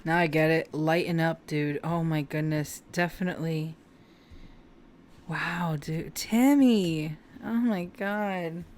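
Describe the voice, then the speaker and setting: A woman doing a casual tarot reading for her viewers, speaking slowly and taking her time. Her voice sits a little low. She sounds heartfelt and openly emotional as she addresses them directly. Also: darkish tone. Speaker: tarot reader.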